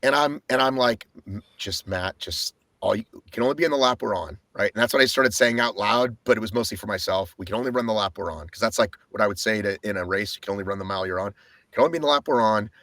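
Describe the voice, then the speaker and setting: A man co-hosting a podcast, telling his race story in a casual, animated way and swearing often. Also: fairly low pitch, quick pace, no room sound. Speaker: podcast co-host.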